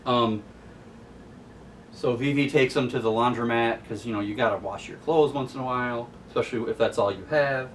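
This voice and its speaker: A man hosts a casual comic book recap, telling the story in a chatty, amused way at a moderate pace. His middle-pitched voice sits back and far from the mic, with faint noise beneath the recording.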